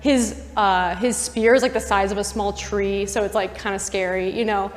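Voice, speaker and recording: A woman's voice: medium pitch, steady tone, normal speed, faint music behind. A young woman, a campus missionary, giving a casual Bible teaching talk full of "like" and asides to her listeners, in a university chapel. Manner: chatty, full of "like" and asides to the audience. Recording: long chapel reverb.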